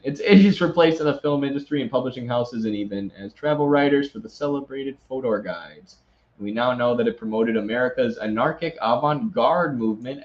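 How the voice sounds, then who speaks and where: A man's voice: medium pitch, lo-fi sound. A man who hosts the show, reading an article aloud and breaking in with sarcastic, mocking asides. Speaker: host.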